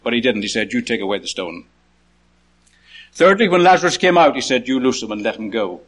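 A man preaching a sermon, counting points through a passage, lifting his voice high to call out quoted words and dropping low for quiet asides. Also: big pitch swings, fairly quick.

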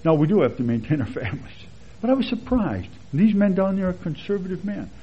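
A man with a slightly raised, husky voice teaches a sermon in an easy, chatty way, moving through verses and personal stories. The recording is dull and lo-fi, as on an old sermon tape. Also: sits high, a little fast. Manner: relaxed, chatty, with anecdotes and chuckles. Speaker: Bible teacher. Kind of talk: conversational expository sermon.

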